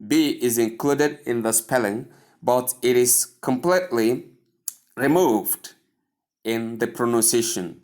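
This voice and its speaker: A man's voice: mid-range voice, slow, darkish tone. A man with a Nigerian English accent teaching pronunciation in a video lesson, spelling words out letter by letter and repeating them for practice.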